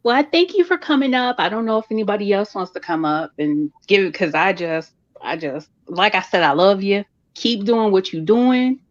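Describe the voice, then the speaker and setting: A woman's voice: mid-range voice, moderate pace, few pauses, no echo. Woman calling in, aave, gushing, repeats herself, dull dry lo-fi line. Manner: effusive and encouraging, repeats praise. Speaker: viewer calling in to a live stream. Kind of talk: casual live-stream call-in. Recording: dry, dull lo-fi call audio.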